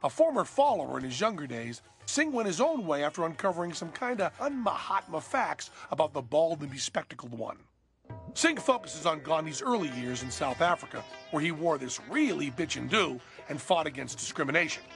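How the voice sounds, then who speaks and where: A man narrates a comic documentary with sarcastic, profane delivery. His voice is high and gravelly, and it leaps around in pitch. Soft music plays underneath. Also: big pitch swings, brisk. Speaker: host and narrator.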